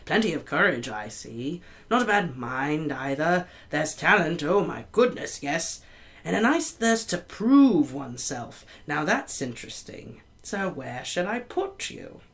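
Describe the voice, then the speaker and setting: A reader voicing an old magical talking hat that ponders slowly and murmurs its thoughts in a storybook reading. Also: mid-range voice, big pitch swings, fairly bright tone. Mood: musing. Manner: slow, murmuring, musing.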